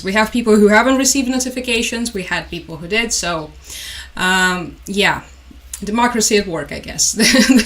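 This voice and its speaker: A woman's voice: medium pitch, fairly bright tone. Woman from Ukraine hosting a casual news livestream, tired, chatty, dry sarcastic humor, mid-range voice. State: stressed and tired. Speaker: livestream host. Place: home room with a collection on the wall.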